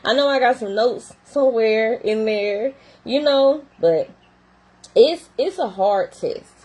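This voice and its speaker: A woman's voice: on the high side, lively intonation, slow pace, a little mellow, poor audio. A young adult woman who works in behavior therapy, talking casually and animatedly straight to her viewers. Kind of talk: casual talk to camera.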